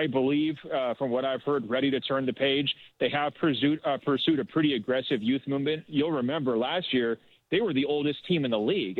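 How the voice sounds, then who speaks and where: A man's voice: mid-range voice, no echo. Man talking over a tinny phone line. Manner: hesitant, many fillers and restarts. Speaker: sports writer guest. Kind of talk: phone-in radio interview.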